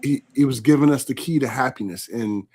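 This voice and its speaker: A man's voice: mid-range voice, fairly quick, dark tone. Chatty man hosting a live interview. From California. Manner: chatty, reads out viewer comments. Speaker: host.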